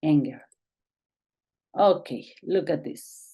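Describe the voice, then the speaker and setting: A woman teaching an online English grammar lesson, reading exercise lines aloud in a slow, halting way. English is not her first language. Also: deep voice, lively intonation, warm tone. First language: Spanish.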